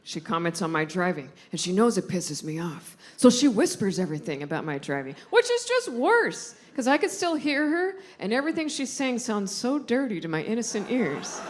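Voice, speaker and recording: A woman comedian telling a stand-up story in a slow, drawn-out delivery. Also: mid-range voice, sing-song. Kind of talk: stand-up routine. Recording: loud audience noise in a venue.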